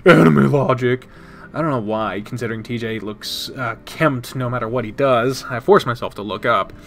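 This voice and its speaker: A man's voice: medium pitch, moderate pace, a bit bright. A man streaming a visual novel, reading its text aloud and chatting casually with viewers, now and then swearing, with faint music behind him. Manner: casual, swears, chats with viewers between read lines.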